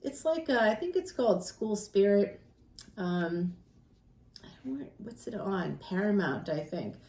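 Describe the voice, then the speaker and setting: A woman's voice: medium pitch, very animated, a little slow, darkish tone. Chatty woman in an echoey room. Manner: chatty and rambling, laughs often, addresses viewers directly. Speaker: tarot reader. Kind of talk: casual tarot reading chat.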